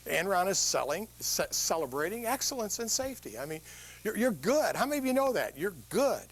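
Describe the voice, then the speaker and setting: An older man gives a humorous motivational talk to a live audience, telling animated stories and quizzing the crowd with questions. His voice is high-pitched, a little fast and slightly rough.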